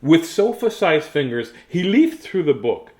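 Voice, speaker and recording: A man's voice: on the high side, very animated, unhurried, a little mellow. A man reading children's picture books aloud in a playful, silly way, laughing and chatting between pages. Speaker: children's book reader.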